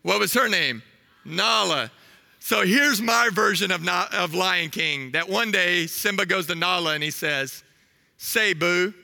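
A man in his thirties preaching a sermon, telling a story with animated energy and asking the crowd questions. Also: high-pitched, a little slow, vocal fry, in a large hall.

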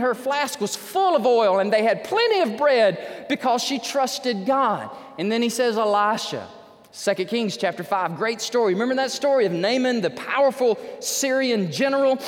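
A man, a pastor preaching a folksy sermon, telling stories with lively shouted emphasis. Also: very high voice. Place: church sanctuary. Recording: long hall reverb.

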